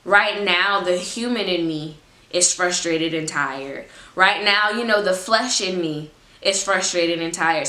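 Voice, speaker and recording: A woman in her twenties giving a casual, expressive faith talk as a Christian vlogger, chatty and informal. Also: on the low side, roomy sound. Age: 20s. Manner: expressive, acts out her own prayers; informal, chatty, laughs often.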